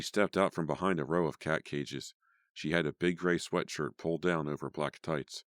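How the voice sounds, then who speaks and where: A man narrating a teen horror audiobook in a measured, even storytelling voice. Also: rumbling low, no room sound, clean studio sound. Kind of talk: scripted narration.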